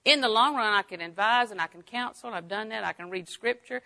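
A woman's voice: mid-range voice, fairly quick. Folksy woman teaching Bible lesson. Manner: folksy, swings from hushed to exclaiming.

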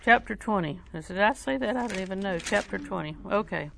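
A woman preaching a folksy sermon. She tells personal stories in a humorous, conversational way and switches between soft asides and loud, emphatic preaching. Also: mid-range voice, lively intonation, brisk, vocal fry, slight background noise.

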